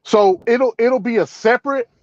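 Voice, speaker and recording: A panelist man stepping in to calm things down, halting, with many fillers as he restates a point. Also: extremely high pitch, dry recording, lo-fi sound. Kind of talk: panel moderation.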